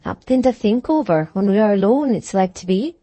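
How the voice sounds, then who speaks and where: An earnest young Scotsman, shy and awkward with ladies, read by a woman narrating an audiobook, plain-spoken and sincere. Her voice stays mellow and dark-toned, recorded dry and close. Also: mid-range voice, animated, brisk, no echo, natural voice. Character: earnest young Scottish man, shy with women. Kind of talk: audiobook character reading.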